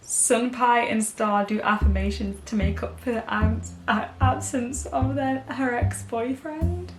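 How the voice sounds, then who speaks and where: A woman's voice: fairly high pitch, steady tone, a little slow, distant mic. Young girl vlogging, chatty and dramatic, echoey room, music behind. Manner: chatty and dramatic, swings between outrage and giggling. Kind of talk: casual vlog chat.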